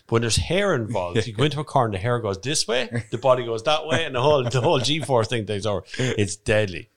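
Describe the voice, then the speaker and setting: Lively-voiced man. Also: mid-range voice, fast. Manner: lively, swearing anecdotes. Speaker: podcast co-host. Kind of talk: casual chat.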